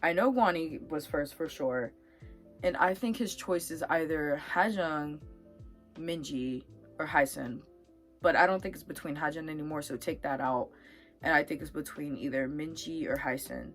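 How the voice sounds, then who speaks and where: Young woman vlogger, low voice, chatty reaction talk, quickly gets fired up; soft music underneath. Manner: animated, talks herself into getting worked up. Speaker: vlogger reacting to a reality dating show. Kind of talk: casual chat.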